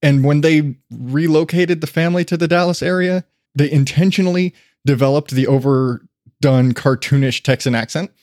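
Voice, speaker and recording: A man's voice: a little high, normal speed, a little mellow, no room sound. A man in casual podcast chat who talks with wry, dry humor.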